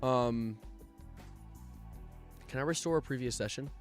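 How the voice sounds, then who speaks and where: A young man live streaming, chatting casually, joking around and reading out donations in an animated way. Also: mid-range voice, a little slow, faint music behind. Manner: jokey, animated, reads donations aloud. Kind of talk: casual livestream chat.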